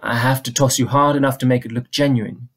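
A man reading the part of a calm, formal vampire who speaks in measured, precise sentences. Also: mid-range voice, close to an everyday voice.

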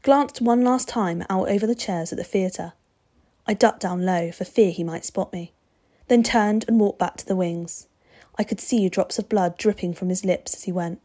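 A woman narrating a story aloud with expressive, steady delivery. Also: medium pitch, normal speed.

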